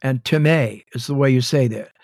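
A man with a slightly raised voice teaches a Bible study at a very slow, deliberate pace. He repeats key words and spells them out, stopping often to define a term. The sound is dry and close, with no room echo. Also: a little high, lively intonation.

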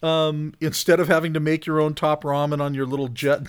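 A man telling a camp story in casual talk, animated, getting louder at the funny parts. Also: fairly high pitch, brisk, clear, resonant tone. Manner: animated storyteller, rising loud for punchlines. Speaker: podcast guest, hunter.

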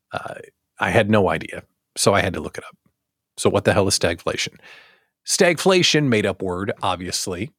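A man hosting a daily live show for small business owners, talking in a jokey, animated way with self-deprecating asides. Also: lowish voice, normal speed, no room sound, clean studio sound. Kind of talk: casual live-show monologue.

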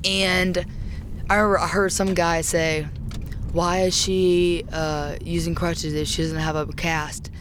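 A young woman telling personal stories as a guest in casual chat. She is animated and profane, and shouts when reenacting her own outbursts. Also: on the low side, a little slow, a little hiss or hum. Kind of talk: casual storytelling.

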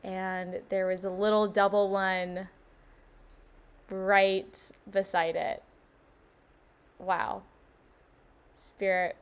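A young woman in her twenties talks through her solo podcast in a smooth, clear voice. She is bubbly and effusive and keeps gushing with wonder, while her speech stays unhurried. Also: mid-range voice, level tone. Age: 20s. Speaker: podcast host. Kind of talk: casual solo podcast monologue.

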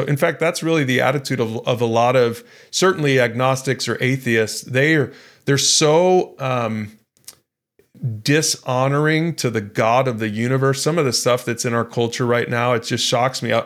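A man co-hosts a Bible study podcast, speaking at medium pitch and a moderate pace. The discussion is casual, and he talks earnestly and conversationally, frequently restarting.

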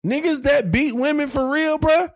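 A man's voice: very high-pitched, moderate pace, dry recording, studio quality. A man co-hosting a casual podcast chat, heated and profane, repeating his points for emphasis. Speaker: podcast co-host.

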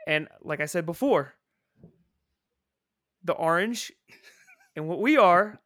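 A man with a fairly high, bright voice talks in a loose, rambling way, swearing freely but staying earnest. The sound is dry and close to the mic, with no room around it. It is a casual podcast chat with friends. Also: lively intonation, slow pace, no echo. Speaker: podcast guest, prison supervisor.

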